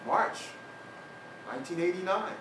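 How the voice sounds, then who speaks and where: An older man gives a university talk as a personal story, slipping into the voices of the people he met along the way. His voice sits somewhat high, and the recording sounds like a reverberant lecture hall captured from a distance. A loud steady ambience runs underneath. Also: measured pace, noisy background. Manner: animated storyteller, acts out other people's lines.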